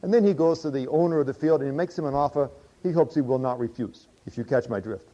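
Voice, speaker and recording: A man's voice: medium pitch, fast talker. A male preacher retelling a parable in folksy sermon storytelling, with a humorous, drawling, conversational manner. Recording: dull lo-fi recording.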